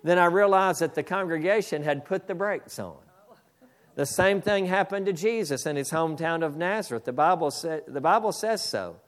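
A man's voice: fairly high pitch, moderate pace. Emphatic male pastor preaching. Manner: emphatic, calls on the congregation. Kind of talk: sermon with read-aloud story.

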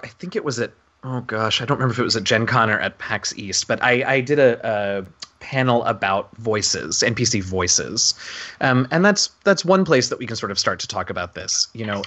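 Bright-voiced man talking tabletop games. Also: mid-range voice, normal speed. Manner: animated, earnest, with frequent fillers and restarts. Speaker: podcast co-host. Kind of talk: casual discussion about tabletop game mastering.

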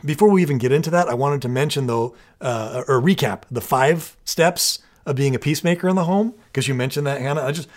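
A man's voice: medium pitch, brisk, few pauses. Earnest man explaining parenting steps. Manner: earnest, explains step by step with many restarts. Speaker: parenting podcast co-host. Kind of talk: casual conversational explaining.

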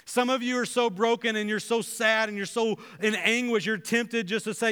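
A man preaches a sermon in a high, bright voice, earnestly acting out the prayers and dialogue he quotes. His tone is clear and smooth. The sound carries a long reverb from a large church hall. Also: steady tone, moderate pace, hardly any pauses. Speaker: pastor. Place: church sanctuary.

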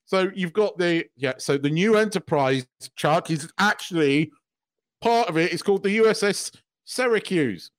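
A man's voice: high-pitched, lively intonation, moderate pace. A man co-hosting a podcast, gushing and swearing as an emotional fan in casual chat. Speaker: podcast co-host.

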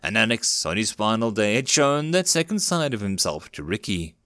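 A man narrating a dramatic story in a steady reading voice. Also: on the low side, normal speed, no echo, clean studio sound.

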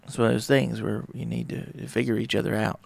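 Podcast host, male, gravelly with heavy fry, casual and rambling, dry close sound. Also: fairly low pitch, flat delivery, fast, no room sound. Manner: rambling, conversational, acts out little dialogues. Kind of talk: casual solo talk on relationships.

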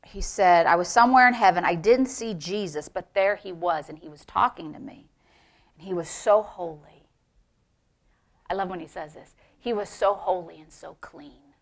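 A middle-aged woman pastor preaching a sermon, swinging between loud, emphatic exclamations and hushed, near-whispered storytelling. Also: on the low side, measured pace, long pauses.

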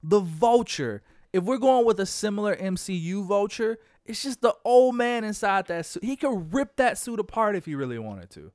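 A man talks through favorite movie scenes in an easygoing, excited way. His voice sits a bit high for a man. The sound is dry and close. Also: normal speed, hardly any pauses, dry recording. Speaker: podcast co-host. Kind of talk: casual movie chat.

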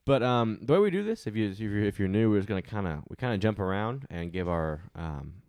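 A young man hosts a casual movie-review podcast in a low voice, talking quickly. He rambles and restarts his sentences, and the sound is dry and close. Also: big pitch swings, a little mellow, no room sound. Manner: rambling with many restarts and fillers. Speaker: podcast host.

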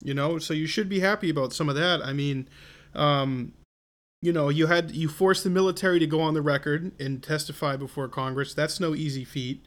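A man hosting an interview, asking measured, encouraging questions. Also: fairly high pitch, steady tone. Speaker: interviewer, host.

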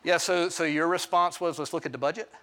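A calm, fatherly God who asks quiet, pointed questions, as a preacher puts him on. The voice stays soft and low for the speaker and never pushes. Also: fairly quick. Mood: gently probing.

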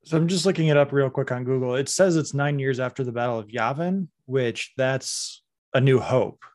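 A man talking casually on a podcast, animated and critical, sometimes slipping into mimicry. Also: medium pitch, moderate pace. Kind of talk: casual chat.

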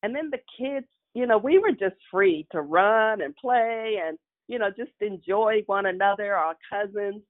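A woman's voice: mid-range voice, animated, unhurried. A woman telling a personal childhood story with frequent chuckles, in a nostalgic way. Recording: tinny phone-like line.

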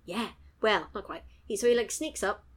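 A woman's voice: mid-range voice, animated, moderate pace. A woman chatting casually as a podcast co-host, retelling a story with playful asides. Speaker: podcast co-host recapping an episode. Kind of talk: casual chat.

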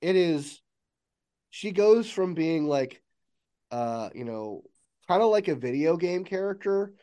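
A man's voice: on the high side, animated, slow pace, warm tone, clear, resonant tone. A man running a tabletop game as game master, narrating loosely with many fillers.

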